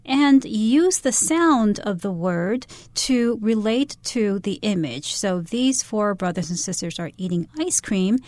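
A female co-host of a radio English lesson, giving clear, methodical explanations of words and memory tricks. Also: mid-range voice, warm tone, no echo. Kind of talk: explaining vocabulary and grammar.

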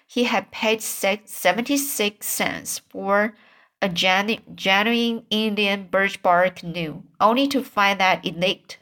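A woman reading a children's book aloud, halting often and restarting stumbled words. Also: medium pitch, a bit bright. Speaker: reader.

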